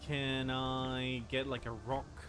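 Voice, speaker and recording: A man's voice: mid-range voice, little pitch movement, takes it slowly, over music. A young man giving casual, flustered commentary while playing a game, with frequent exclamations. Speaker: gameplay streamer.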